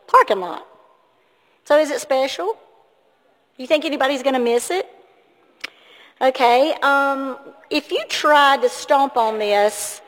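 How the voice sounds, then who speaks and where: A woman giving a children's sermon in a church, asking the kids lots of questions in an encouraging way. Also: high voice. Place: church sanctuary. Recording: long hall reverb.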